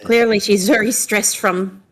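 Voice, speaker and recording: A woman at a tabletop game speaks in character, hesitant and halting, dotting her lines with ums. Her voice sits at an ordinary female pitch. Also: steady tone. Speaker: player. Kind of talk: tabletop role-play, in character.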